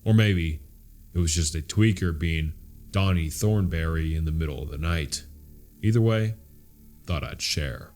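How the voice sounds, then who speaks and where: A man reading horror stories aloud as a narrator, in a steady, measured storytelling style. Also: very deep voice, faint music behind.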